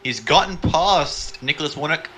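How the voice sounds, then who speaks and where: A man giving color commentary on an online sim race, chatty and quick to react with excited remarks. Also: a little high, a little hiss or hum.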